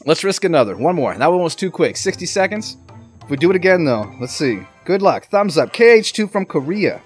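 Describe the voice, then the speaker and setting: Man, high and very lively voice, excitable play-by-play gaming commentary, faint game music under it. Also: brisk, slightly rough. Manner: excitable, talks to the game and viewers. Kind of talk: live gameplay commentary.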